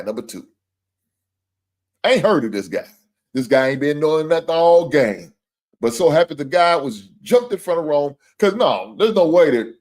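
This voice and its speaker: Angry about his team's loss, a livestream sports show host lets loose with profane, heated talk in a mid-range, darkish voice. He singles out viewers and super chat senders by speaking to them directly.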